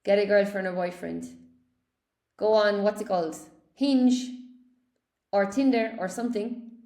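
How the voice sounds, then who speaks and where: A woman's voice: medium pitch, measured pace, warm tone. An Irish woman teaching English in a casual livestream, chatting and reading out viewer comments. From Ireland. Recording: echoey room.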